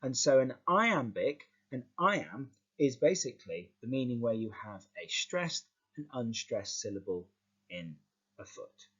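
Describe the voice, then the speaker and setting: A male teacher explaining a lesson in a lively, stop-start way, often repeating words as he goes. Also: mid-range voice, unhurried, breathy edge, muffled recording.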